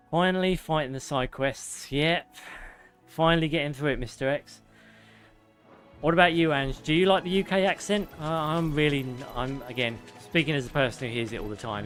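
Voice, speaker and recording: A British man from the UK streams a game, giving casual live commentary, chatting with viewers and swearing freely. His voice sits in the mid-range with a fairly bright tone.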